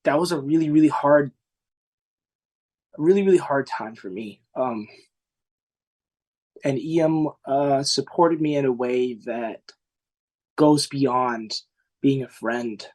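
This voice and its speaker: A young man in his twenties speaks as a podcast guest, earnest and heartfelt. His speech is casual and halting, full of fillers and restarts, and it drifts between soft, choked moments and bursts of feeling. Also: medium pitch. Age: 20s. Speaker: podcast guest, former singing contestant. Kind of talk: emotional interview recollection.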